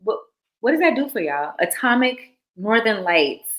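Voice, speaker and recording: A woman's voice: on the high side, sing-song, unhurried, fairly bright tone. A young adult woman hosting a live stream, reading listener stories aloud with casual, laughing asides to her chat.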